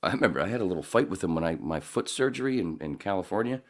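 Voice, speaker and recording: A man's voice: sits low, lively intonation, racing. A man hosting a podcast in casual chat, joking, rambling and swearing freely. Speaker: podcast host.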